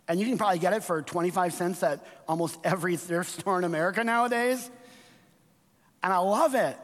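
High-voiced pastor preaching in a reverberant hall. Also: male voice. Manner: conversational, storytelling with frequent "right?" asides. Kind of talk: sermon. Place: church sanctuary. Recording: long reverb of a church hall.

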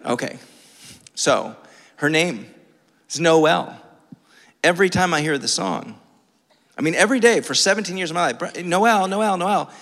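A man preaching a sermon from a church, telling a funny personal story with lively, self-mocking energy. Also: a little high, normal speed, vocal fry, long pauses. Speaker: pastor. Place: church sanctuary. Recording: long reverb of a church hall.

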